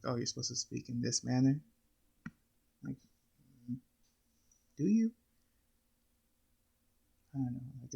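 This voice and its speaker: Gravelly, low-key man musing hesitantly. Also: mellow, rough recording. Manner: hesitant, thinking aloud with many fillers. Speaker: reaction video host. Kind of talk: casual reaction commentary.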